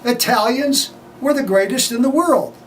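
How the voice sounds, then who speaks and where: An older American man telling a personal family story in an animated way, laughing often and acting out old dialogue. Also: extremely high pitch, normal speed. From United States. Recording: distant mic with faint ambient noise.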